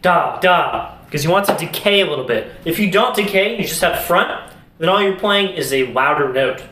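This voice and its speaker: A young man giving a casual video music lesson, relaxed, explaining as he demonstrates on his instrument. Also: high voice, fairly quick, a little hiss or hum. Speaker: music teacher. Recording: echoey room.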